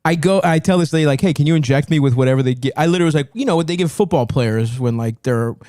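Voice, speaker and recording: Guy in his 30s ranting a funny story, swears a lot, mocks himself, bit higher voice, dry close sound. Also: racing, darkish tone, no room sound. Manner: profane, self-mocking, acts out quotes in high voices. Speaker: comedian telling a story on a podcast. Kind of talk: casual storytelling chat.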